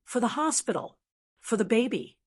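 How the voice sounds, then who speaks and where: A woman's voice: on the high side, sing-song, normal speed. A woman voicing a frightened, timid pregnant young woman who stammers and pleads, in a storybook reading. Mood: frightened pleading.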